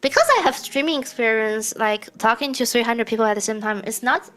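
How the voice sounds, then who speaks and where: A woman's voice: a little high, a little fast, fairly bright tone. A woman VTuber and programmer answering interview questions in a chatty way, laughing between words.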